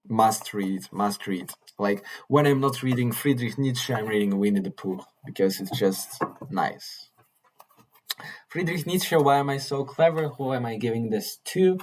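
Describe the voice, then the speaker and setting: A man vlogging in a casual monologue, earnest and halting, often repeating and restarting his phrases. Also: on the low side, darkish tone, rough recording. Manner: earnest, mildly swearing.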